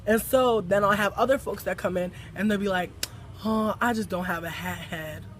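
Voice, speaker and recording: A man who works in a hat shop, ranting in a casual way about customers with sassy, profane, animated storytelling and mock quotes. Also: sits high, normal speed, slight background noise. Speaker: hat shop retail worker. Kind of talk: casual rant to camera.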